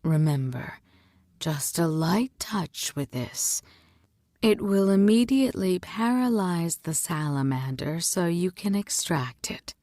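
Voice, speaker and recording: A woman reading a storybook and voicing a calm, steady female healer who teaches in a low, quiet voice. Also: slow pace, dry recording, studio quality.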